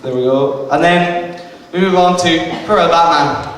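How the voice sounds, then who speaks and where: A man delivers a comic lecture to a live crowd, stumbling through ums and restarts as he mocks himself. His voice sits a little high and comes from a distance. The hall around him rings with long echo, and a noisy hum runs underneath. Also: moderate pace, a bit bright. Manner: hesitant, self-mocking, many ums and restarts. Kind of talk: stand-up style comic lecture. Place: arts centre venue with live audience. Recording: echoey hall recorded from far off, noisy.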